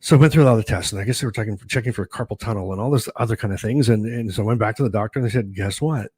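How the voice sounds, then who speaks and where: A man's voice: fairly low pitch, racing, darkish tone, husky, dry recording. A middle-aged man hosting his own video, telling a personal story in a rambling, chatty way full of fillers and restarts. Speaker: host.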